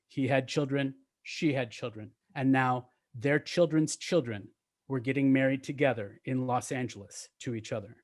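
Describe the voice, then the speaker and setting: A man telling a long story to a gathering, halting with ums and restarts, slowing and softening at touching parts. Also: medium pitch. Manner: halting, with many ums and restarts, slowing and quieting at emotional moments.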